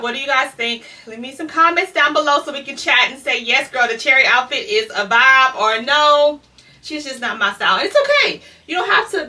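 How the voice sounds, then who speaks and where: Out of breath woman doing a try-on haul, chatty, calls everyone y'all, bright voice a bit far from the mic. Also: high voice. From Louisiana. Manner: chatty, addresses viewers as y'all. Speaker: fashion vlogger. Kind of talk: casual try-on haul chat.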